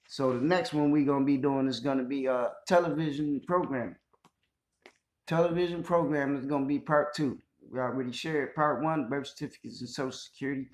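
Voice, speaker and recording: A man hosting a casual spoken monologue to his listeners, emphatic and conversational, often checking in with "you know what I'm saying". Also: fairly high pitch. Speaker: host addressing listeners. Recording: echoey room.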